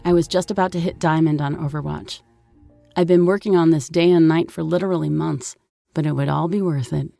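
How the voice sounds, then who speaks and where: A woman's voice: deep voice, steady tone, brisk, gravelly, dark tone, soft background music. A woman reading a first-person story in a wry, sardonic way. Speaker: narrator. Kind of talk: first-person audiobook narration.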